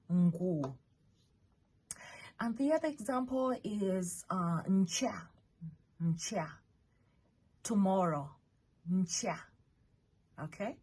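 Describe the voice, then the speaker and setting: Slow, husky woman teaching a lesson. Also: mid-range voice, darkish tone. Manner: patient, spells words letter by letter, checks in with "okay?". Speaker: language teacher. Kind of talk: slow spoken language lesson.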